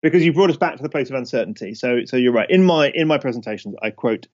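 A man's voice: medium pitch, fast talker. Emphatic man explaining, dull audio. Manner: emphatic, animated, checks in with "right?" and "okay?". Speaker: podcast guest, speaker on risk. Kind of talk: conversational podcast explanation.

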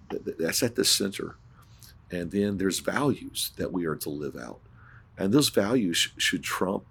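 A man's voice: extremely low pitch, vocal fry, a bit bright, slightly rough. A man, a pastor, telling an earnest story on a podcast and acting out the dialogue, with frequent restarts.

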